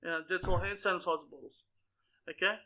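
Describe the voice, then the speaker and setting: This young man's voice sits high and stays steady, bright and forceful, running a little fast. As a podcast co-host, he tells crude, expletive-packed stories with lots of laughter in a rowdy, casual storytelling chat.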